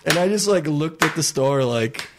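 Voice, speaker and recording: A young man cohosting a podcast, telling a story in a loose, swearing, laughing way and shouting out the lines he quotes. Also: on the high side, lively intonation, normal speed, background noise. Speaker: podcast co-host. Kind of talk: casual storytelling chat.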